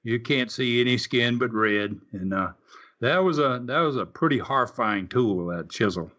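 A man's voice: mid-range voice, lively intonation, moderate pace, sharp tone. An older man, a former wrestler, telling folksy stories in a casual interview, full of fillers and restarts. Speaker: wrestling guest. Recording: slightly dull lo-fi audio.

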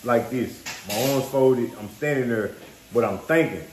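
A man's voice: medium pitch, unhurried, slight background noise. Man telling a slangy story in a roomy room. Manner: animated, conversational, slangy. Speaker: vlog host. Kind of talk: casual storytelling to viewers.

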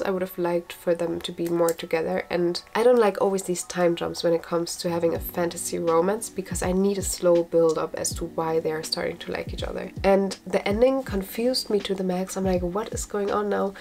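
Gushing woman reviewing books, low-pitched. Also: steady tone, fairly quick, gravelly, hardly any pauses, a little mellow. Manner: enthusiastic, gushing, chatty. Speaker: book vlogger. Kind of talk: casual book review.

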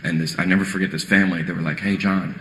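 A man's voice: sits low, fairly even intonation, very fast, a little hiss or hum. A man doing stand-up comedy on a live stage, rambling and self-deprecating, with stumbling restarts. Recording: echoey hall with loud ambience.

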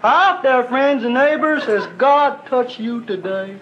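A man voicing a folksy rural radio preacher who asks listeners for money, drawling slowly and sweetly. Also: lively intonation, muffled recording. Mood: wheedling. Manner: slow, drawn-out, sugary pitch. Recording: loud noisy live stage recording.

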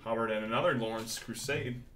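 Excited man hosting a live card break. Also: medium pitch, fairly quick. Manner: excited, hyped calling out cards. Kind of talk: live-stream commentary. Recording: roomy echo from mic distance, faint noise.

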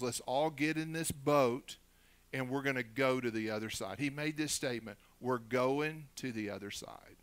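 A man's voice: mid-range voice, fairly bright tone, dry recording. A male pastor preaching a sermon, building to emphatic, rising declarations and ending in prayer.

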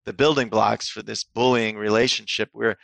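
A man with a gravelly, mid-range voice talks as a therapist guest on a podcast. He tells stories with energy and slips into the voices of the people in them. The sound is close and dry, with no room echo. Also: fairly low pitch, normal speed. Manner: animated storyteller, acts out quoted people. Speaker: psychotherapist and author, guest. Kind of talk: casual interview talk, storytelling.

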